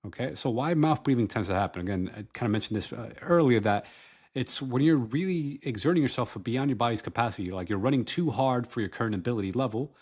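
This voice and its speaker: A man's voice: mid-range voice, lively intonation, quick pace, darkish tone, husky. A man explaining running and breathing technique in a loose, conversational way, full of fillers and restarts. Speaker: running coach and health educator. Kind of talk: casual instructional talk to camera.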